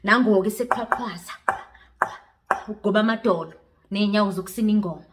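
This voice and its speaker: A woman's voice: mid-range voice, a little fast, noisy background. A young woman telling a story in a dramatic vlog style, switching languages as she goes. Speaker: vlogger.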